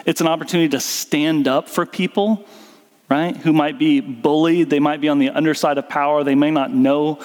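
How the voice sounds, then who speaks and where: A man's voice: fairly high pitch, fairly even intonation, normal speed, a little mellow. A man preaching a sermon as pastor, earnest and conversational, with fillers and restarts. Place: church sanctuary. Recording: church hall reverb with guitar music.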